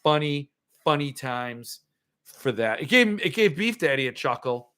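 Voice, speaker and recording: A man's voice: a little high, sing-song, unhurried, fairly bright tone, smooth. A man hosting a livestream, ranting sarcastically and answering viewer comments in casual chat. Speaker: podcast host.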